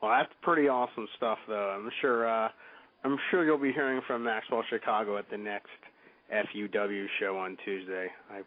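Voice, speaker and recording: A man's voice: on the low side, steady tone, moderate pace, dry recording. A man hosting a casual interview, laid-back and amused as he moves to the next topic. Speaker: podcast host. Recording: dry tinny phone-like sound.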